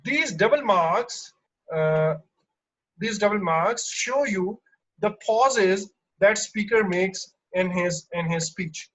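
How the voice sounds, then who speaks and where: A man teaching an online exam-prep lesson, explaining slowly with lots of fillers and restarts. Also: high-pitched, a bit bright, poor audio. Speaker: English teacher.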